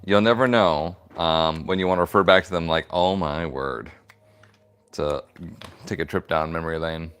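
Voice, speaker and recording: A man with a low, steady, smooth voice that's a bit bright hosts a leather crafting stream, talking briskly. He rambles playfully through his work in the workshop, giggling as he chats casually while crafting.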